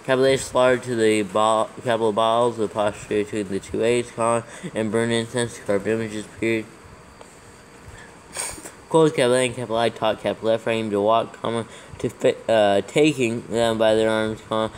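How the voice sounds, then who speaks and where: A man reading scripture aloud as dictation, carefully naming every capital letter and punctuation mark in a steady way. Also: medium pitch, slight background noise, poor audio. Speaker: reader dictating scripture text.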